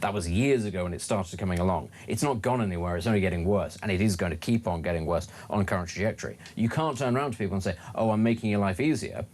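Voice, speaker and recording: A British man with a lowish voice who talks at a rapid clip on talk radio. He pokes fun at politicians by quoting them in mocking voices. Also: a little mellow.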